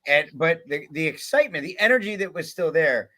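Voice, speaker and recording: A man recounting a team event in casual panel chat, animated and laughing often. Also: a little high, fairly quick. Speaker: cartel commander in an airsoft event.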